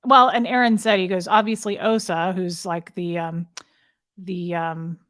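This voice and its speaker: A woman guest in a conversational interview, telling her story candidly and emotionally, with frequent halting restarts. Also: lowish voice, fairly even intonation, fairly bright tone, dry recording, clean studio sound.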